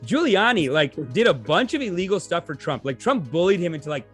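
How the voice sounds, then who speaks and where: Co-host, male, high and lively, mocking tone, soft music under. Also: brisk. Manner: mocking, animated, throws in silly impressions. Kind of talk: casual commentary chat.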